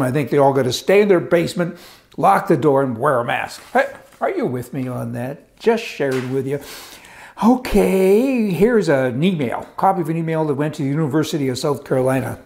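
A man's voice: on the high side, creaky, darkish tone. An older man delivering a sarcastic opinion monologue, ranting and chuckling as he talks. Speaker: commentary host.

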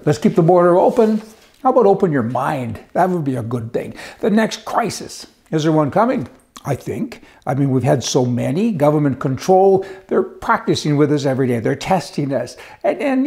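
A middle-aged commentary host gives a casual, folksy political monologue full of jokes. His slightly high voice is mellow and relaxed with some vocal fry, and he drops into sarcastic mock voices often.

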